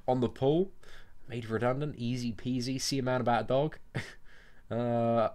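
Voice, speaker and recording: A man's voice: mid-range voice, a little slow, a little mellow. A young man with an English accent, chatting casually on a live stream and answering viewers' questions off the cuff. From England. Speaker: gaming streamer.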